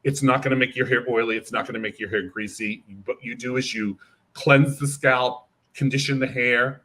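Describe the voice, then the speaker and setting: This is a hair care brand educator, a man, demonstrating and explaining a product in a spirited interview while acting out lines from clients. His voice sits at medium pitch and moves at normal speed.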